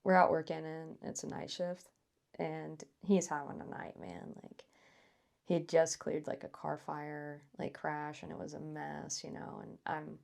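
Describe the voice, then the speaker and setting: A low, gravelly woman co-hosts a casual podcast. She rambles through a story with many fillers and laughs along the way. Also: flat delivery, measured pace, a little mellow. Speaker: podcast co-host.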